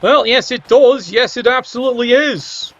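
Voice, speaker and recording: High-voiced man commentating a game. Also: normal speed, a bit bright. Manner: cheeky, wry asides, swears casually. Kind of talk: playful video game match commentary. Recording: dull lo-fi sound.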